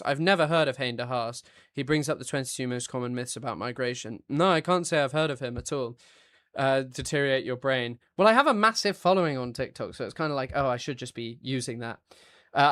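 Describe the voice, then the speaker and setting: A man's voice: a little high, a bit bright, dry recording, studio quality. A man streaming live, reading out viewer chat and answering it in an offhand, blunt way. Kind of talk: casual livestream chat.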